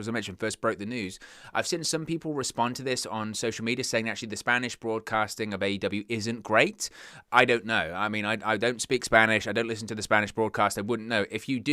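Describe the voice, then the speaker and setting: A man's voice: mid-range voice, bright, forceful tone, clean tone, dry recording, studio quality. A young man hosting a wrestling news show, talking earnestly and stumbling over words when he gets worked up. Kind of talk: casual news commentary.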